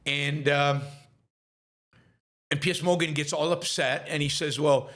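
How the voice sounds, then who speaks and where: A man delivers a political commentary monologue as host of his show. His voice sits a little high for a man, and he repeats words and restarts often, then drives his points home with rhetorical questions. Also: fairly even intonation, measured pace, fairly bright tone.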